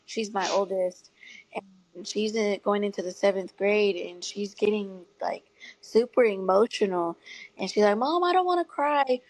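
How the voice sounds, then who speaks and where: A woman in her thirties telling her story as an interview guest, earnest and tearful at times, with soft laughs. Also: medium pitch, little pitch movement, measured pace, no echo, rough recording. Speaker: guest parent advocate. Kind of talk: emotional personal storytelling.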